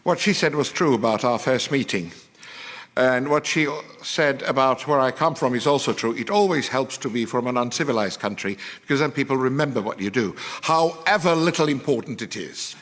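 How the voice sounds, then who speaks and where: A man's voice: mid-range voice, lively intonation, normal speed, a bit bright. A man in his sixties from Turkey, speaking with a Turkish accent in a wry, self-deprecating acceptance speech on stage. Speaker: award recipient. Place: large hall on stage. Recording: hall reverb.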